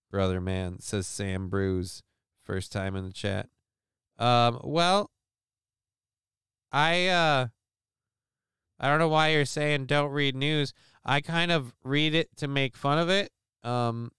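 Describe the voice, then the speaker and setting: A man's voice: medium pitch, a bit bright, clear, resonant tone, no room sound. Guy hosting a stream, super clean voice, dead dry sound, swears and rambles, sarcastic. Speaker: live stream show host. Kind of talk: casual live-stream commentary reading news.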